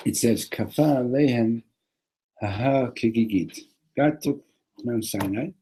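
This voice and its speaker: A man teaching a classroom lesson on a religious text, animated, often restarting and repeating words. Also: medium pitch, breathy edge, rough recording.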